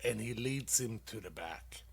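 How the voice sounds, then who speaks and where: Gravelly, slow-talking man telling dad jokes. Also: on the low side, animated. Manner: halting delivery with many fillers, laughing loudly at his own punchlines; casual and profane. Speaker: comedy show host.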